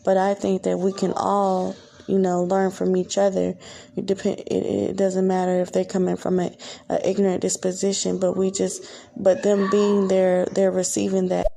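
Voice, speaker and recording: A woman in a casual podcast chat, speaking slowly and thoughtfully with halting restarts. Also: mid-range voice, completely flat delivery, vocal fry, mellow, slight background noise.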